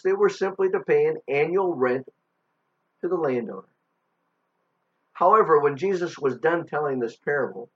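A man preaching a sermon, telling a Bible story with dramatic pauses and strong emphasis. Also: mid-range voice. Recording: dull lo-fi recording.

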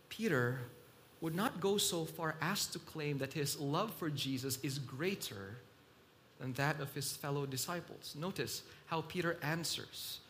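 A man preaching a sermon in a slow, emphatic delivery that swells loud and drops soft. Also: a little high, slight background noise.

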